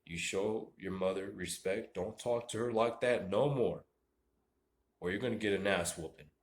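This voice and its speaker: A man voicing a strict father who loudly scolds his son. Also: fairly low pitch, moderate pace, natural voice. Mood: stern. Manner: loud stern scolding.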